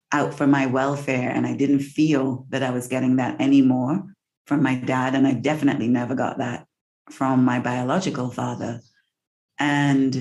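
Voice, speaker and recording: A woman co-hosting a podcast, telling a personal story in a candid, wry way and slowing down for emphasis. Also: rumbling low, warm tone. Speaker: podcast co-host. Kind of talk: casual storytelling chat.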